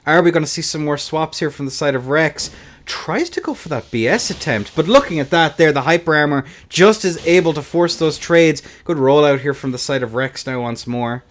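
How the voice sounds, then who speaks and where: A young man doing play-by-play commentary on a video game tournament, animated, swinging between hushed and hyped calls, with playful asides. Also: on the high side, moderate pace. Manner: playful, slips into a joking Scottish accent.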